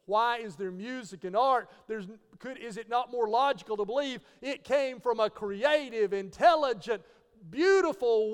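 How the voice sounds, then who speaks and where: A man's voice: high voice, smooth. A man giving an apologetics teaching talk. He asks rhetorical questions and spells out key words letter by letter. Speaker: Christian teacher. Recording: long reverb.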